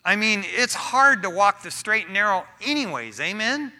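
A man preaching a sermon to his church in a casual, animated way, often tossing in "man". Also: high voice, normal speed. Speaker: pastor.

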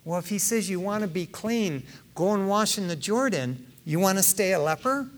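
A man preaching a sermon in a lively, conversational way, acting out the people in his story with slang. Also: sits high, moderate pace. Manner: animated, acts out voices, conversational slang. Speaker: pastor.

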